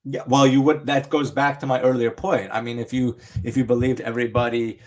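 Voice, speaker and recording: A man's voice: mid-range voice, little pitch movement, a little fast, darkish tone. Questioning man on a podcast. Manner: questioning, reasoning aloud with "right?" and "you know what I mean?". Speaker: podcast co-host. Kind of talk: casual chat.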